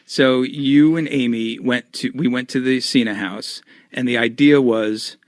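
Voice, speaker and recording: Male podcast guest with a mid-pitched voice. Animated storyteller who laughs often, recorded dry and close. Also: measured pace, no echo. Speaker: podcast guest, former TV writer. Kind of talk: casual chat.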